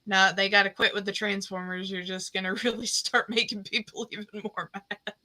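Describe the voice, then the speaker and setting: Bright-voiced chatty woman. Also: medium pitch, flat delivery, normal speed. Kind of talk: casual chat.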